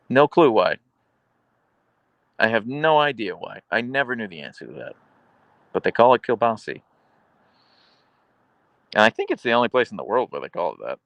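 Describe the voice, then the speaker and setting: A man's voice: medium pitch, very animated, fairly quick, a bit bright, dry recording. A man live-streaming, reading viewer comments aloud in a playful, teasing, chatty way.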